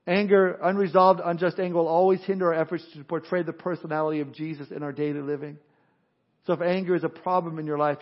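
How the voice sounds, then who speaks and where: A man's voice: on the high side, highs cut off. A man preaching a sermon, earnest, telling jokes and stories along the way. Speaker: pastor.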